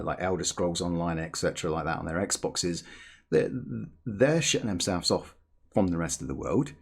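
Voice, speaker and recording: A man hosting a gaming channel, ranting in rambling, animated commentary with many restarts. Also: low-pitched.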